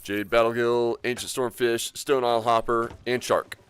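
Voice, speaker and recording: A man's voice: medium pitch, flat delivery, moderate pace, a bit bright, clean tone. A man live-streaming a video game, chatting casually and rambling with viewers, laughing often. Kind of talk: live gameplay commentary and chat.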